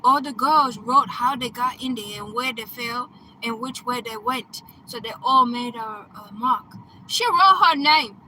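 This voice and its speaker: A woman coach casually retelling a film plot in an excitable, chatty way, laughing and breaking into loud exclamations. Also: fairly high pitch, measured pace, a little hiss or hum, low-quality recording. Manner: chatty, checks in with "right?" and "okay?".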